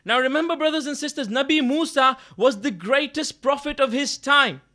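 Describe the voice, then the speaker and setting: High, bright-voiced male preacher. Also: moderate pace. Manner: earnest retelling with frequent self-corrections. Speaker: religious speaker at a mourning gathering. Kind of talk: storytelling sermon. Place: gathering hall in London.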